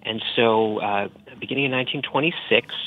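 A man with a Boston accent, a book editor explaining history in an interview with many pauses and fillers. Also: mid-range voice, phone-quality sound. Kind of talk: radio interview.

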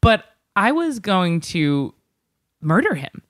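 A woman chef co-hosting a casual podcast, playful and quick to laugh as she tells kitchen stories. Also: mid-range voice, sing-song, dry recording, clean studio sound. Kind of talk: casual chat.

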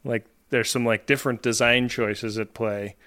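Bright, smooth-voiced podcast man. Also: medium pitch, fairly even intonation, normal speed, dry recording, clean studio sound. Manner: wry and jokey, narrating scenes. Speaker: podcast co-host. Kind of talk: casual podcast chat.

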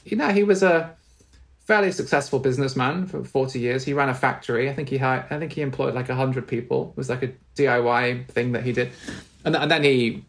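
A man's voice: medium pitch, fairly quick, fairly bright tone. A middle-aged man, a spiritual teacher, tells a personal story in an interview, earnest and tender, often restarting and repeating his words.

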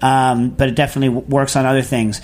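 A man's voice: medium pitch, flat delivery, quick pace, a little mellow. Rambling, chatty male radio host. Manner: rambling, self-correcting, digressive; chatty, technical explanations. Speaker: radio cooking show host. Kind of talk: casual unscripted radio talk.

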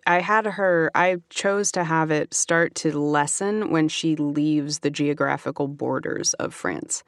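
A woman, an audiobook narrator and author, chatting quickly as a guest with many fillers. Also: deep voice, no echo, studio quality. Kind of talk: casual interview chat.

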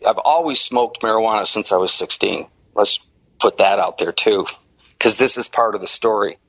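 A man's voice: on the low side, moderate pace, a bit bright, no room sound. A middle-aged man from the Detroit area telling his own story in an interview, acting out the voices of people he quotes. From Detroit area, Michigan. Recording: dull, lo-fi, dry sound.

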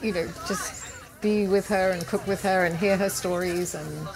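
A woman cooking teacher telling a lively personal story as an interview guest at an outdoor market event. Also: on the low side, moderate pace, vocal fry, a crowd in the background. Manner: animated anecdote-telling with laughs and quoted voices. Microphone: handheld interview mic, live recording.

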